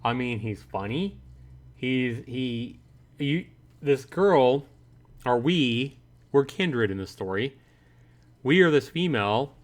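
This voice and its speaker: A man streaming a visual novel, reading the story aloud and chatting to viewers about it, acting out his own reactions in a higher, louder voice. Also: animated, slow, long pauses. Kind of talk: livestream commentary, reading game text aloud.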